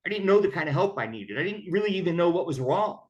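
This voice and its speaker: A man's voice: high-pitched, big pitch swings, fast talker, muffled recording, loud music behind the voice. A man telling his own story of recovery in a candid, conversational way. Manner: candid, conversational, acts out quoted voices. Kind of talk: personal storytelling.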